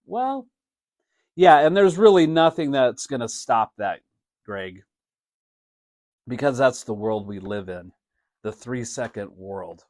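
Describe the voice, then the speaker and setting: A chatty man hosting a live podcast, with a voice of middle pitch. He talks casually, laughs often and slips into playful mock announcements. The sound is dry and close, with little room around it. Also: lively intonation, slow, long pauses, a little mellow, no echo. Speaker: podcast host. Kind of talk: casual live-stream talk.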